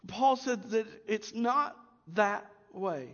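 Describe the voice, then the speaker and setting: A man with a high voice preaches a sermon, moving from loud emphasis to hushed, near-whispered asides. His voice rings out in a long, echoing hall. The recording sounds slightly muffled. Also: slow. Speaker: pastor.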